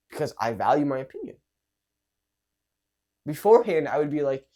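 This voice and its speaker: A young man coaching social skills in a casual talk, animated and acting out nervous and confident examples, with some swearing. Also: fairly high pitch, fairly quick.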